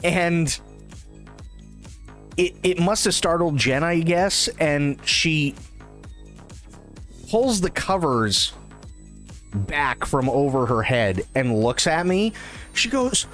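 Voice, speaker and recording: Guy streaming a game, kinda high voice, bouncy animated storytelling, swears a lot, quiet music in the back. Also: takes it slowly, long pauses. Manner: animated, profane, laughs at his own stories. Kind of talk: casual storytelling during a live game stream.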